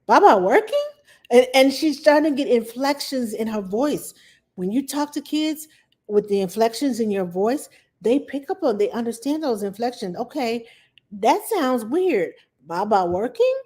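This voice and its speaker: A woman's voice: mid-range voice, warm tone. A middle-aged woman hosting a live stream as a nanny, chatting casually and repeating herself for emphasis. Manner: chatty, repeats herself for emphasis, acts out little dialogues with her toddler.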